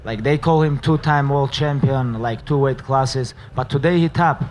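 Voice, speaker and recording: A fighter answering questions in earnest, non-native English with loose grammar. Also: male voice, mid-range voice, normal speed, a little mellow, a little hiss or hum. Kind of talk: interview answers.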